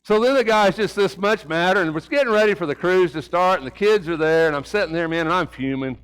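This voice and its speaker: A middle-aged preacher speaks at a quick pace in a high, smooth, somewhat bright voice, giving a folksy, conversational sermon in a church sanctuary. He poses rhetorical questions, shares a personal story, and repeats words; the recording is low quality.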